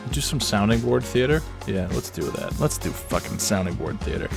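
A man's voice: on the low side, expressive, normal speed, creaky, over music. A man hosting his own podcast who tells stories in a rambling, self-mocking way and swears casually. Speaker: podcast host. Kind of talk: casual comedic storytelling.

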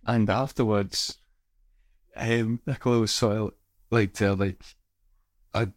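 A man co-hosting a podcast, telling a wry story in a relaxed, casual way. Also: fairly low pitch, a little slow, long pauses, dry recording, studio quality. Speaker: podcast co-host. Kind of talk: casual chat.

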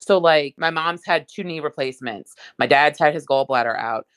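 A woman's voice: low-pitched, normal speed, a bit bright, dry recording. A woman talking in casual chat, rambling with lots of asides.

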